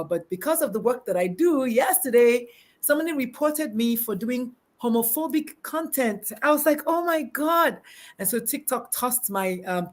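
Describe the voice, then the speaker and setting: A middle-aged woman hosting a live-streamed casual chat from her backyard, bubbly and animated, laughing often and restarting sentences. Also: a little high. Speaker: talk show host. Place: backyard, outdoors.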